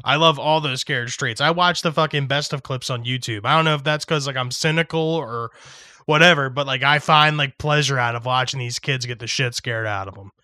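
A young man chatting casually about movies and shows, swearing a lot and shouting when he acts out yelling. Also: mid-range voice, brisk, no echo, studio quality. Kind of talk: casual chat.

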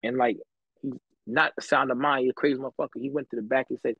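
A man's voice: mid-range voice, fairly even intonation, quick pace, gravelly, sharp tone, husky, no echo, poor audio. A man on a podcast telling stories from his life in casual, slangy, profane talk, laughing often. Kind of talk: casual chat, storytelling.

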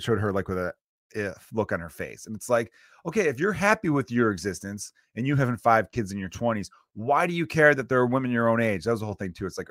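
A man's voice: lowish voice, fairly bright tone, dry recording, studio quality. A man in his thirties from Chicago, hosting a solo podcast and ranting in a profane, preachy way. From Chicago area. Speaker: podcast host.

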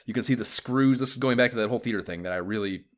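A man's voice: mid-range voice, racing. A man co-hosting a casual gaming podcast, rambling and enthusiastic, swearing freely. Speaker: podcast co-host.

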